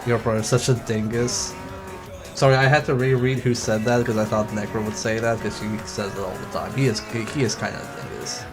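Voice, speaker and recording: Male gaming streamer, lowish voice, casual and profane, game music loud underneath. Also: level tone, a little fast. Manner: chatty, swears freely, acts out voices in retelling. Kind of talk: casual chat while playing. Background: loud game music and car sounds.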